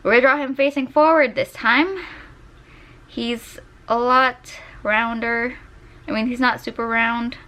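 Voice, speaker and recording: A woman's voice: mid-range voice, pushed and bright. A young woman vlogging casually while she draws, chatty and giggly, gushing over her favorite characters, recorded on a desk microphone. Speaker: art vlogger. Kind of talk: casual chat while drawing. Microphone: desk USB microphone.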